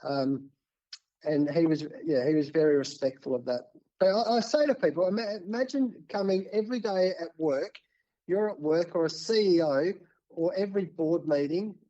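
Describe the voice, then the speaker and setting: An Australian man in his fifties tells stories as a podcast guest, restarting his sentences and acting out old conversations with lively energy. His voice sits a little high but has a soft, mellow colour. The recording sounds slightly dull and lo-fi. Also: moderate pace. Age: 50s. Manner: animated, restarts often, acts out quoted exchanges. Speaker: cricket coach, podcast guest. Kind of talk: casual storytelling in an interview.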